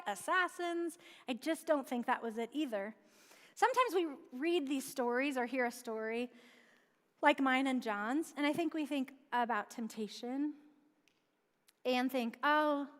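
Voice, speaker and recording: A woman's voice: high-pitched, fairly bright tone. A woman preaching a sermon in a church, earnestly asking questions and answering them herself. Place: church sanctuary. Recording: long church-hall reverb.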